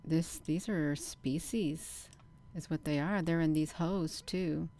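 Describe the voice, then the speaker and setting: Here a woman with a low voice hosts her channel, talking slowly and loosely over camera footage in casual live commentary. Animated, she keeps addressing her audience as "you all" and insists in emphatic bursts that they look where she's pointing.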